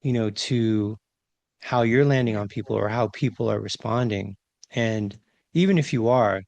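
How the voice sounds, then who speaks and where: A man co-hosting a podcast, talking through leadership ideas in a reflective, animated way and often checking in with "right?". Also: fairly low pitch, normal speed, gravelly, no echo. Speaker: podcast co-host, leadership trainer. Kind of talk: casual conversational podcast talk.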